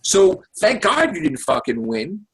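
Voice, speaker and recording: A man's voice: high voice, big pitch swings, a little slow, a bit bright, husky. A man from the United States hosting a podcast, ranting about politics in a profane, exasperated, casual way. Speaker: podcast host. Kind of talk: heated casual political rant.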